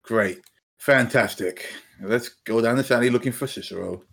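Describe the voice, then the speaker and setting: A man's voice: medium pitch, normal speed, creaky, fairly bright tone, husky. A man, playing a tabletop game in character, brash and joking. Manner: brash, joking, laughs often. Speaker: player.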